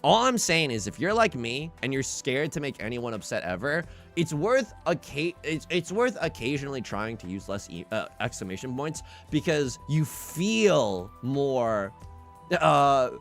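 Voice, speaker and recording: Male streamer, casual chat, bouncy pitch, a bit of fry, faint music underneath. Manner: animated, self-deprecating, frequent restarts.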